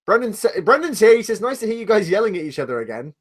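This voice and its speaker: Brief: British male co-host, lively and expressive, sweary, blunt and argumentative banter. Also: sits high, fast talker. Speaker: podcast co-host. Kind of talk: casual live podcast banter.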